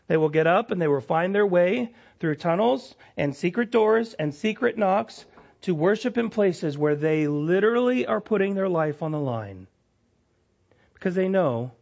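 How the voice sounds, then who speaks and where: Pastor, male, higher voice, lively preaching swinging emphatic to hushed; lo-fi church recording. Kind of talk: sermon. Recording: lo-fi dull sound.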